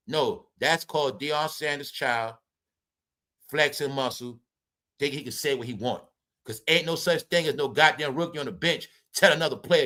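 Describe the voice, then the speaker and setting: A man hosting a celebrity gossip show, ranting with profanity and mockery, swinging between loud outbursts and low mutters. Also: lively intonation, normal speed. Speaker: commentary show host.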